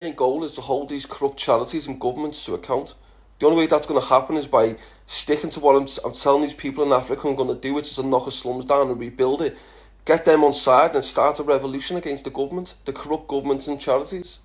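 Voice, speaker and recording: Talking fast in a steady, medium-pitched voice, a thirty-something English social media personality answers follower questions in an easygoing chat. He swears freely, speaks bluntly, and calls people lad a lot.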